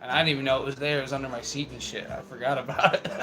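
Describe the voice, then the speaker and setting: A man's voice: mid-range voice, fairly even intonation, quick pace, sharp tone, poor audio. A young man casually telling rambling, profane stories with lots of laughter. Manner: laid-back, profane, laughs through his stories. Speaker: storyteller. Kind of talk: casual storytelling. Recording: music playing in the background.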